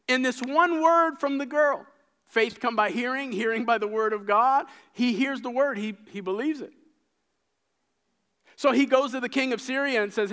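A man preaching a sermon, retelling scripture stories with lively acted-out dialogue and frequent repeated words. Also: high voice, normal speed, clear, resonant tone. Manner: animated storytelling, acting out characters' lines.

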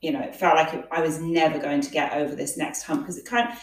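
A woman's voice: sits low, steady tone, fast. A woman guest in a casual interview, telling stories in a chatty way with many fillers. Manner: chatty, storytelling, frequent fillers. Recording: echoey room, distant from mic.

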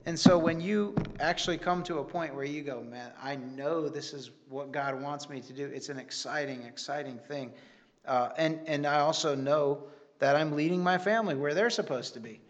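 A man's voice: on the high side, normal speed, highs cut off. A man giving an earnest, rambling church testimony with many restarts. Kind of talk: sermon testimony.

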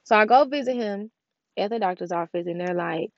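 A woman's voice: mid-range voice, fairly quick, no echo. A young woman telling a personal story in a casual, emotional way and talking straight to her viewers. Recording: dull, dry recording.

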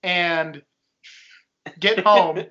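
Young male co-host, bright and high, self-mocking rambler, muffled recording. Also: fairly even intonation, extremely slow. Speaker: podcast co-host. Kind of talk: casual storytelling chat. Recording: dull lo-fi sound.

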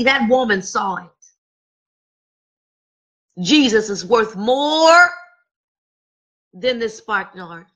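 Woman, preacher, sermon, slightly high, husky, emphatic. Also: sharp tone. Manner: emphatic, repeats rhetorical questions.

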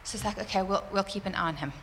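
A woman telling a church congregation a personal testimony, animated and fervent, laughing often. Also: medium pitch, very fast, a little hiss or hum. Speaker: church speaker sharing a testimony. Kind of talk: sermon testimony. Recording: roomy church hall reverb, faint ambience.

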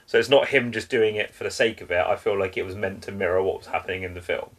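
A man's voice: low voice, quick pace. A man co-hosting a podcast, chatting casually and opinionated about a horror film. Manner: conversational, opinionated, swears casually. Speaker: podcast co-host. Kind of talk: casual film review chat.

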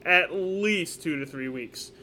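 Male podcast co-host, higher voice, lively and jokey, casual sports chat. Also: slow. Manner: animated, joking, repeats himself. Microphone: podcast microphone.

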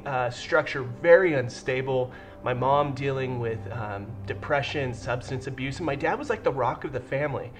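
A man in his thirties giving an earnest, heartfelt personal testimony in a studio, pausing and restarting as he goes. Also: mid-range voice. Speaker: church member sharing a testimony. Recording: faint music behind.

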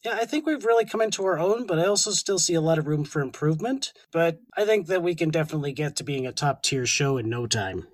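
Chatty canadian man, fairly high voice. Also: animated, fast talker, hardly any pauses, poor audio. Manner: laughs easily, chatty and joking. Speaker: podcast co-host. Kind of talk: casual podcast chat.

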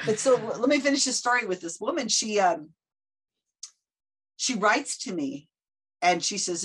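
Lively, husky woman telling stories. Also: mid-range voice, moderate pace, long pauses. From United States. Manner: animated storyteller acting out quoted voices. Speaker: guest. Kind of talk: casual podcast interview.

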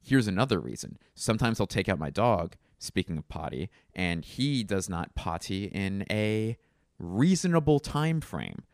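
A man's voice: lowish voice, sing-song, unhurried, creaky, dry recording, clean studio sound. A man hosting a solo comedy podcast, rambling through wry, self-mocking tangents.

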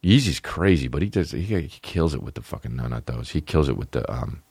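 A man with a very low voice rants casually on a comedy podcast, cursing freely and wandering from one thought to the next. He mutters some asides and then yelps up high in loud outbursts. The sound is close and dry, with no room around it. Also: a little fast, creaky, slightly rough, no echo. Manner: profane, rambling, animated with sudden high outbursts. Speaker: podcast host.

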